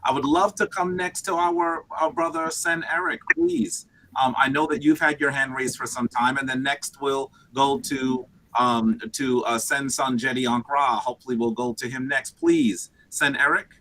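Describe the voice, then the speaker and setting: A man with a bright, forceful voice moderates a memorial gathering, affirming speakers and calling on each in turn. A faint hiss sits under his voice. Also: medium pitch, fairly even intonation, normal speed, hardly any pauses, low-quality recording. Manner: warm, affirming, calls on speakers. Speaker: ceremony moderator.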